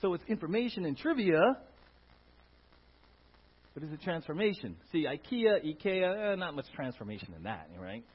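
A man preaches to his congregation, his husky voice swinging up and down as he rises into loud, emphatic bursts. He keeps asking the room questions and waiting for them to agree. The recording is dull and lo-fi. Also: on the high side, big pitch swings, moderate pace, long pauses. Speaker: pastor. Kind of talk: sermon. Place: church. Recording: dull lo-fi sound.

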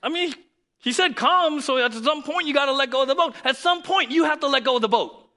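A man preaching a sermon in an animated, conversational way, often asking rhetorical questions. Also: very high voice, a little fast. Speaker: pastor.

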